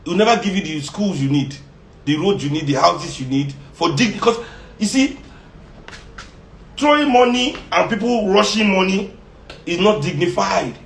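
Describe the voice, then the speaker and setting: Nigerian guy ranting hard, highish voice, mixes in pidgin, lots of echo around him. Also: lively intonation, moderate pace, vocal fry, pauses often, a little hiss or hum. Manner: fiery, mixes in pidgin, laughs often. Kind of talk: impassioned monologue. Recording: roomy echo.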